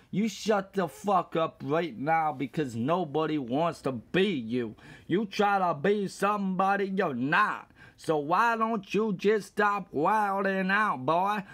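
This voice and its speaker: A man putting on a deep angry voice, scolding and insulting with heavy swearing. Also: fairly bright tone.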